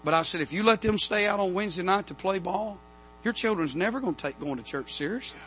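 Fiery preacher with a bright voice. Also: male voice, sits high, lively intonation, fast talker, slight background noise. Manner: storytelling preacher, building to loud emphatic amens. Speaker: pastor. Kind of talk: revival sermon. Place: church sanctuary.

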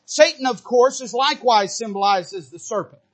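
A man preaches from the pulpit. He reads scripture and prays in a slow, deliberate manner. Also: extremely high pitch, lively intonation, husky. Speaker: pastor. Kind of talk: sermon.

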